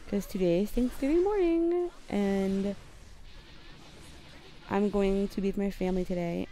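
A young American woman with a warm, lowish voice gives rambling, self-deprecating gameplay commentary from her bedroom. She puts on a London accent while she plays.

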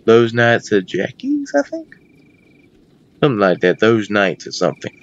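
A man giving casual let's-play commentary on a horror game, excitable and prone to yelping and shouting at the screen. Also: on the low side, moderate pace, lo-fi sound. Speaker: gameplay commentator.

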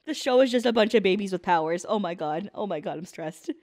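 A young woman casually reacting to an anime episode at home on a headset mic, animated, laughing a lot and swearing casually. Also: mid-range voice, quick pace, slight background noise. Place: large open downstairs room at home.

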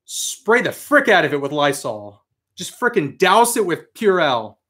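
A man hosting a casual live stream, reading out viewer comments with excitable, mildly profane chatter. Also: on the high side, unhurried. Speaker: host of a live toy and comics stream.

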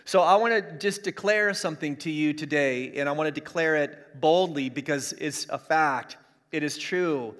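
A middle-aged pastor preaches with a somewhat high voice, pressing each point and repeating it for emphasis. His words ring out with a long hall reverb, as in a big church room. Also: fairly bright tone. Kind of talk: sermon. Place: church streaming an online service.

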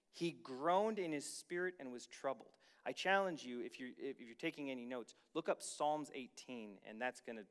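A pastor with a slightly high voice preaches a sermon, reading scripture and then commenting casually to the congregation. He slows down to stress key lines.

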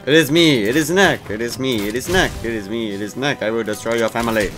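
A man's voice: mid-range voice, fast, soft background music, lightly acted. A man putting on a gloating monster Knack. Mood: gloating, menacing. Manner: loud, theatrical, gloating threats. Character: boastful menacing male creature, game hero.

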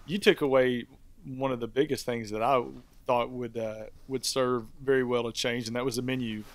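A man's voice: medium pitch, fairly even intonation, normal speed, no room sound. A man co-hosting a review podcast, talking in an easygoing, rambling way with many fillers. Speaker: podcast co-host. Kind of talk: casual review chat.

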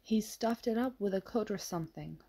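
A woman's voice: mid-range voice, normal speed, dark tone, pitched above the performer's own voice, close to an everyday voice. A woman reading as a curt, scheming steward. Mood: gruff. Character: gruff, scheming male steward.

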